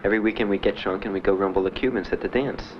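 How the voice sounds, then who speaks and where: Low-voiced older man recalling his past. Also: steady tone, muffled recording, slight background noise. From Miami. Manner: plain, halting storytelling with many "uh"s and "you know"s. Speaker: Vietnam veteran interviewee. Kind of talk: personal recollection in an interview.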